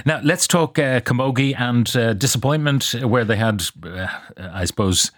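An older Irish man hosting a radio talk show, relaxed and measured, with thoughtful pauses. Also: medium pitch, dry recording, clean studio sound. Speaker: radio host.

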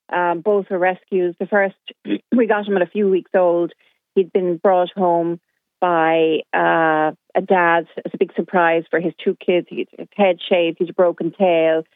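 On a tinny telephone line, a middle-aged woman phones in to a radio show and indignantly recounts her story. Her lowish voice holds a steady tone at a slightly slow pace, with no echo.

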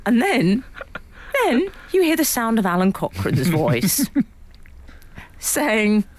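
A woman's voice: a little high, sing-song, slow pace. English woman on radio, voice all over the place when telling her story, acts out everyone. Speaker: radio show co-host. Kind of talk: casual radio chat.

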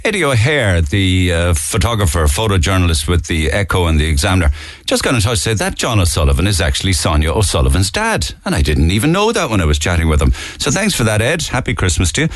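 A man's voice: low voice, huge pitch swings, quick pace, dry recording. A man with a Cork accent hosting a casual radio phone-in, teasing his caller and laughing often. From Ireland. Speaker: radio show host. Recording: faint music behind the studio voice.

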